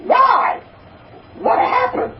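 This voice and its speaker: A man voicing a puzzled male bartender in a joke, high and squeaky. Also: very animated, moderate pace, a little hiss or hum. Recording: distant, roomy, dull recording.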